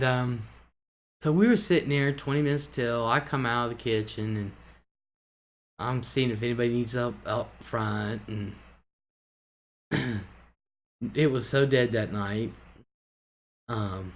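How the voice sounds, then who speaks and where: A woman hosting a live stream, telling a rambling story in casual chat and chuckling along the way. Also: very deep voice. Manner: rambling, chuckling anecdote-teller.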